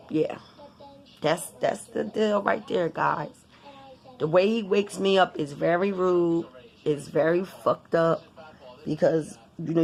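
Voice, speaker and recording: A woman vlogger talking casually and bluntly to her viewers, cursing often in an animated, informal way. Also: fairly low pitch, vocal fry. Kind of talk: casual vlog rant.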